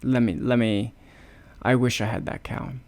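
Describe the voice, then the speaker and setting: A man voicing an eager young fairy-tale man who longs for what others have, read in a plain, gravelly voice. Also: medium pitch, fairly even intonation, moderate pace, darkish tone, close to an everyday voice. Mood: longing.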